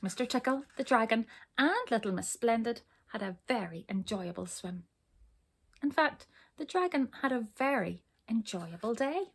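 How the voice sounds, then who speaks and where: A woman reading a children's storybook aloud, expressive, pausing to ask her listeners questions. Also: a little high, slightly rough.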